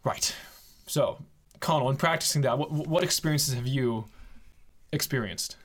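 A man's voice: medium pitch, measured pace. A young man in his twenties hosting a faith podcast in a casual, playful way. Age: 20s. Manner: playful, reading scripture aloud. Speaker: podcast host.

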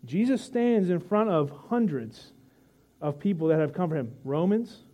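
Slightly high, animated and mellow, this man's voice guides his congregation through a sermon in a conversational, joking style. As a pastor, he retells scripture vividly, pausing dramatically.

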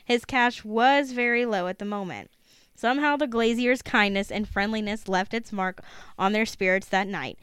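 A woman's voice: medium pitch, moderate pace, fairly bright tone, smooth, dry recording, studio quality. A woman podcast host reading a book aloud, with the occasional laughing aside.

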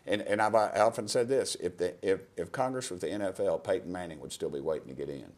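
Deep-voiced Southern man, folksy host. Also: quick pace, a little mellow. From Tennessee. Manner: folksy, joking, wandering storyteller. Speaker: podcast host, congressman. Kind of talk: casual interview chat.

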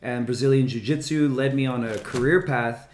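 A boisterous man who talks loud, a podcast guest telling stories in casual chat. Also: mid-range voice, moderate pace, reverberant, a little hiss or hum. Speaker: podcast guest, cage fighter.

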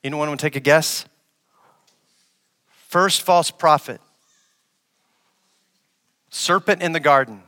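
A male pastor delivers a sermon in a bright, slightly high voice. He asks the congregation questions and repeats phrases for emphasis. He swings from loud, raised lines to quiet, low ones. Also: takes it slowly, long pauses, big-room sound. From West Africa.

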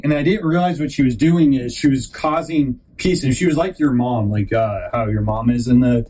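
A breathy-edged, medium-pitched male voice at normal speed, with hardly any pauses, on a rough recording. He hosts his own podcast and tells a rambling personal tale, restarting sentences often and animatedly playing other people in raised voices.

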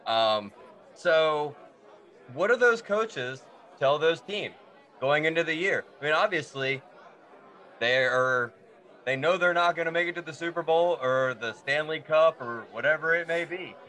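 A man's voice: on the high side, animated, measured pace, sharp tone, some chatter behind. A man on a casual podcast giving a conversational sports rant and posing questions. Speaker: sports segment regular.

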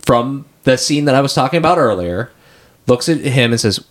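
A man's voice: medium pitch, lively intonation, normal speed. A man co-hosting a casual movie discussion podcast, talking animatedly with frequent restarts and self-corrections. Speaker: podcast co-host.

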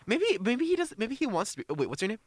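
A man's voice: very high voice, huge pitch swings, fast. A young man co-hosting a casual podcast, rambling playfully with frequent restarts. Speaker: podcast co-host. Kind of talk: casual chat.

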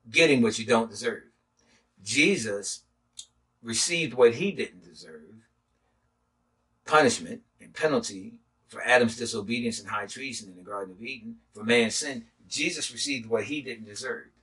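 A man, a pastor, teaching a sermon in a halting way with many filler sounds. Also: medium pitch, a bit bright, breathy edge, recorded from a distance, low-quality recording.

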